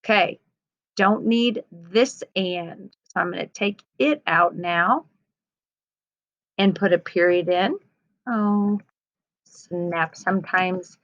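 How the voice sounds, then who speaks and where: A woman teacher gently talking young students through editing her writing, reading aloud patiently. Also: lowish voice, slow pace, pauses often, dry recording. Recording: slightly dull lo-fi sound.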